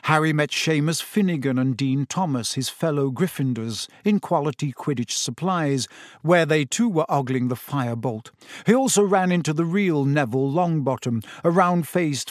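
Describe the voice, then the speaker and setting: Male audiobook narrator, steady storyteller, slightly high voice, dead-dry studio. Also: no room sound. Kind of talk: scripted narration.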